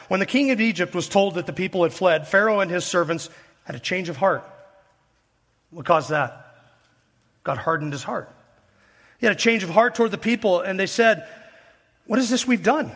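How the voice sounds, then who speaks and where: A man's voice: sits high, a bit bright, in a large hall. A man preaching an expository sermon, reading scripture aloud and pressing his points with earnest rhetorical questions. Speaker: pastor.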